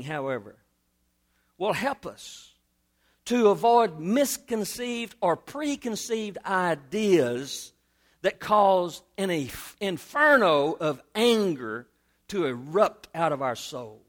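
High-voiced preacher, animated. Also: male voice. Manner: animated preaching, repeats phrases for emphasis. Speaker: pastor. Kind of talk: sermon.

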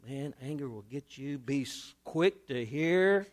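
A male pastor preaching a sermon, animated and repeating phrases for emphasis. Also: mid-range voice, measured pace.

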